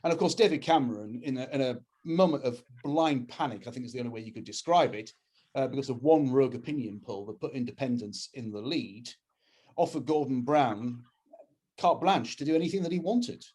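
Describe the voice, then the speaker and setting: Husky-voiced Englishman talking politics. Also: medium pitch, lively intonation, fairly quick, darkish tone. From England. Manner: earnest and opinionated, with frequent restarts. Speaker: campaigns head speaking at a webinar. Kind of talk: political talk. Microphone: video call.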